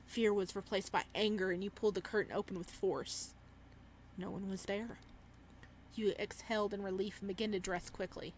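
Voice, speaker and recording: A woman's voice: mid-range voice, fairly even intonation, normal speed, a little hiss or hum. A woman hosting a gaming channel, reading a horror visual novel aloud with dramatic delivery and startled, swearing reactions.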